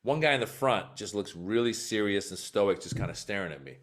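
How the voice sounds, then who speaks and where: A low-voiced man talks as a comedian guest on a podcast interview. He tells stories with animated energy and slips into the voices of people in them. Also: a little fast. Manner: animated, acts out quotes in story.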